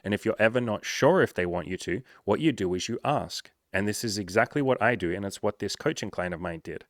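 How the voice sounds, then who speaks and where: Lowish-voiced guy coaching, casual and blunt, swears a lot, dry no-room sound. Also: expressive, fairly quick, no room sound. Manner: blunt, profane, conversational. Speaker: dating and business coach. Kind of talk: casual monologue to camera.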